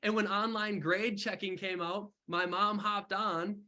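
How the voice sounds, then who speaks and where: A young man mentoring on an online call, telling his story in casual, animated talk full of slang. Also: sits high, measured pace. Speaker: mentor speaker.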